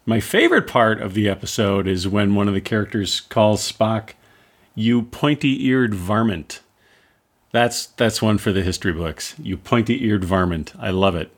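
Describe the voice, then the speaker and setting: A man's voice: on the low side, animated, normal speed, hardly any pauses. A man hosting a casual comedic review who is sarcastic and exasperated. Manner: sarcastic, exasperated, does mocking impressions. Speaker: reviewer host.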